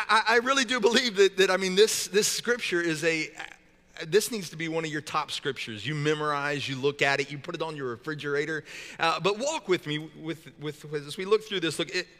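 High, bright-voiced pastor preaching in a hall. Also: male voice. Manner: conversational and joking, with many repeated restarts. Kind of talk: sermon.

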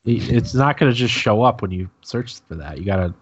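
Brief: raspy male podcast co-host, low husky voice, muffled lo-fi sound. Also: expressive, fairly quick. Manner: steers the show along. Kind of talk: casual chat.

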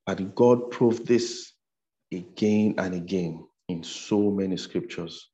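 A male preacher delivers a sermon in a very low, dark voice with a gravelly edge. He speaks slowly and repeats phrases for emphasis, often adding "amen". The recording sounds a little dull. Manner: repetitive, emphatic preaching with "amen" and "you know".

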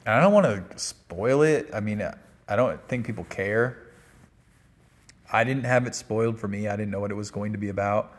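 A man's voice: fairly low pitch, normal speed. A man giving a casual, rambling spoken movie review, full of fillers and restarts. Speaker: film reviewer.

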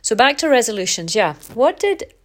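In this podcast, a middle-aged host muses in a relaxed, reflective solo monologue at normal speed. Her nose sounds stuffed up, and she talks frankly and chattily, her pitch often leaping upward.

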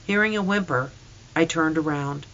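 Earnest storybook reader, bright tone. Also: medium pitch, normal speed, highs cut off. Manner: earnest, emotional reading. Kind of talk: scripted narration of a storybook.

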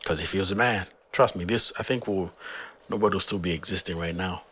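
Man, very low voice, hoarse, earnest rambling talk about his music. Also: a little fast, a bit bright. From Zambia.

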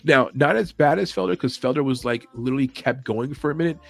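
A man hosting a late-night livestream, chatting loosely with his viewers and swearing freely, and now and then mimicking commentators with sudden yells and whispers. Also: mid-range voice, fast talker, vocal fry. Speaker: podcast host. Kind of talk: casual livestream chat. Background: faint music playing.

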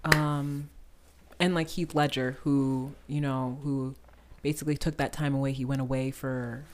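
A young woman, an actress, talking casually as a podcast guest, animated and quick to laugh, with plenty of filler words. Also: a bass voice, background noise. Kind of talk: casual conversation.

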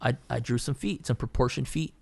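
A man in casual podcast chat, telling a story from his painting days at a mid-range pitch. He rambles along, swears often, and keeps circling back to restart his sentences. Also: a little fast, gravelly, a little mellow. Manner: profane, rambling, full of fillers and restarts.

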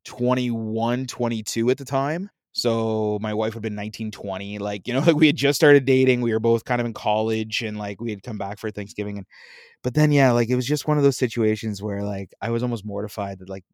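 A man's voice: on the low side, brisk, a little mellow, no room sound, studio quality. A man in his thirties casually telling a long family story, acting out his relatives and laughing often. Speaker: storyteller guest. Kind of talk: casual chat.

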